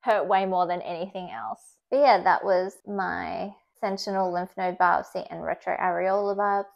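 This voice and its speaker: A woman's voice: lowish voice, normal speed, creaky, highs cut off. A woman chatting casually to camera in a vlog. Her talk is loose and filler-heavy, peppered with "like," and she laughs easily between stories. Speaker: vlogger.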